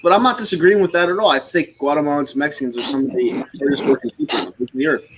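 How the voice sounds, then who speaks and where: A man's voice: on the high side, racing, slight background noise, low-quality recording. A man from the United States on a live stream, explaining his views in a lecturing way and often checking in with "all right?". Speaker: stream host. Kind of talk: casual political chat on a live stream.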